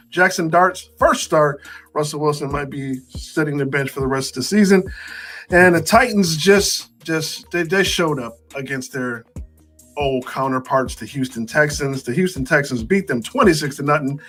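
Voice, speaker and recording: A man co-hosting a casual sports talk show, running through scores with animated, wry asides. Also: a little high.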